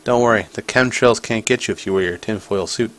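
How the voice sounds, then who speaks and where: Playing a video game for his channel, a man chats in a playful, casual way, even addressing the on-screen creatures. He speaks a little fast, with a lowish voice and a bit of brightness.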